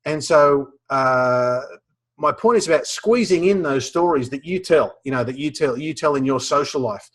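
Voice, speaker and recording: A man's voice: fairly high pitch, expressive, normal speed. An Australian man presenting a webinar, telling a funny story with lots of restarts and fillers. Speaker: professional speaker teaching a webinar.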